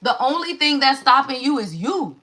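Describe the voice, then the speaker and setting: A woman's voice: high-pitched, big pitch swings, moderate pace, pushed and bright. A woman giving a live tarot reading in an emphatic, preachy call-and-response manner, swearing freely. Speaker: tarot reader.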